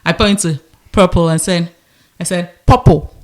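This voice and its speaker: A woman's voice: fairly low pitch, unhurried. A woman in her thirties from Nigeria with a Nigerian accent, co-hosting a podcast and telling stories in casual chat, slipping into Pidgin. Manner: animated storyteller, mixes in Nigerian Pidgin. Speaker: podcast co-host.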